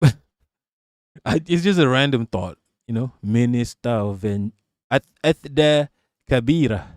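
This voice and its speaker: A man's voice: fairly high pitch, measured pace, a little mellow, no echo, clean studio sound. A man hosting a casual livestream, talking in a profane, rambling way and laughing often. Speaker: streamer host.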